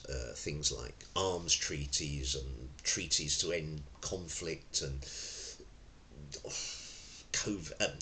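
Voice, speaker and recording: A man's voice: rumbling low, a bit bright. A male self-defence instructor, seated at a table indoors, explaining with demonstrations and wandering off into asides. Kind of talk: explaining to camera.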